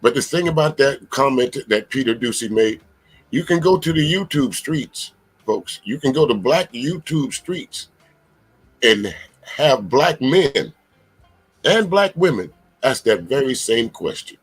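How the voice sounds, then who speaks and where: A man's voice: medium pitch, unhurried, breathy edge, soft background music, low-quality recording. A man hosting a live political commentary stream, talking emphatically and bluntly to his viewers. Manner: animated, emphatic, profane, talks straight to viewers. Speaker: commentary channel host.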